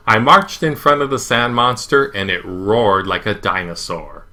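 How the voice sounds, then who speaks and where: A man reading a children's novel aloud in first person, with a lively, emphatic delivery. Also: deep voice, unhurried, few pauses. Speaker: audiobook reader. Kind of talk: first-person storybook narration.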